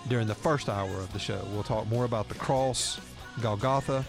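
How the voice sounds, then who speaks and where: A man's voice: on the low side, normal speed, over music. A man hosting a radio talk show, teaching and reading scripture aloud in an earnest way.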